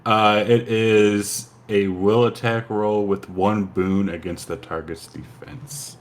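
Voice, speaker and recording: Man, tabletop player, low voice, slow, halting, faint room noise. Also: steady tone. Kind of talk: tabletop game chat.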